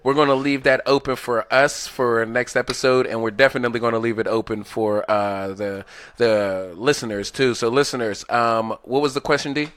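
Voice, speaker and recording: A man's voice: medium pitch, steady tone, normal speed, fairly bright tone, clear, resonant tone, no echo. A man co-hosting a casual podcast chat, rambling, repeating himself and laughing often. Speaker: podcast co-host.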